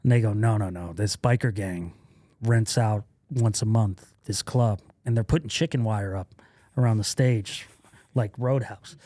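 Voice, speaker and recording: A man's voice: on the low side, measured pace, mellow, no room sound. Man telling stories, laughing, dry sound. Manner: laughs often while telling stories, acts out quoted lines. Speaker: guest comedian. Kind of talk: casual podcast storytelling.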